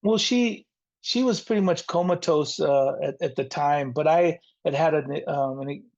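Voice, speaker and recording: An earnest middle-aged man tells his life story as an interview guest. His voice sits a little high with plenty of gravelly fry. The recording sounds dull and lo-fi. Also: measured pace, a little mellow. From San Diego area, near the Mexican border. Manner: earnest, reflective, faith-centered. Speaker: guest, rock band frontman.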